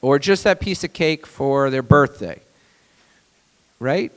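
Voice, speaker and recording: A man, a doctor, giving a conference seminar on stage, animated and asking the audience questions. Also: medium pitch, takes it slowly, smooth, big-room sound, poor audio. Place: large conference hall, on stage.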